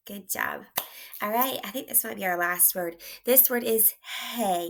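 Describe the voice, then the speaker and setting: A woman teacher leading young children through a phonics lesson, speaking slowly and clearly with frequent praise. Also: mid-range voice, a bit bright.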